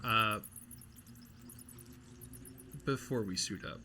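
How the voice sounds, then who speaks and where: A man's voice: fairly low pitch, very slow, slight background noise. A man playing a tabletop role-playing game, joking and chatty. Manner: joking, animated. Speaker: player. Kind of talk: casual tabletop play.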